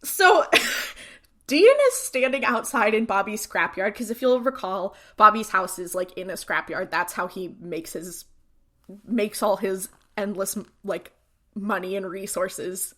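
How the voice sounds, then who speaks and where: Bright-voiced woman recapping a show. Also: mid-range voice, measured pace. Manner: chatty, many fillers, retells scenes. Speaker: podcast co-host. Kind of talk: casual recap chat.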